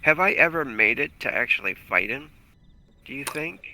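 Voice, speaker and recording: A man's voice: mid-range voice, expressive, moderate pace, bright, forceful tone, low-quality recording. A man playing a tabletop game, casual and joking as he asks about his rolls. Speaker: player.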